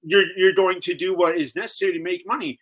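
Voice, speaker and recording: A man talks as a guest on a live show, stopping and restarting his sentences as he works his thoughts out. His voice sits high, bright and forward. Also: fairly even intonation, low-quality recording. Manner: halting, repeats words, flustered. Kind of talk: live talk show discussion.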